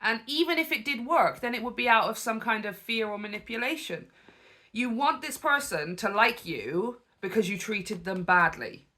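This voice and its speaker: A woman with a bright, crisp voice talks through screenshots in a lively, conversational way. She drifts into preachy asides as she explains her views as a spiritual coach. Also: on the high side, moderate pace. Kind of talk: reaction commentary.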